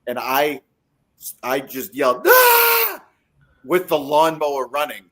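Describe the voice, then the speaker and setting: A man co-hosting a casual fantasy football podcast, telling animated stories and acting out scenes. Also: mid-range voice, unhurried. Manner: animated storyteller, acts out scenes. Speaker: podcast co-host.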